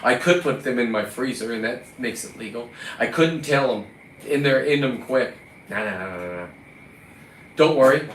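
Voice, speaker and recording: A man's voice: medium pitch, moderate pace. Profane, combative man ranting from afar. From California. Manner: combative, profane, talks to the lobsters. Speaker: recreational lobster fisherman. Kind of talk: ranting vlog monologue. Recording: roomy, distant mic, faint ambient noise.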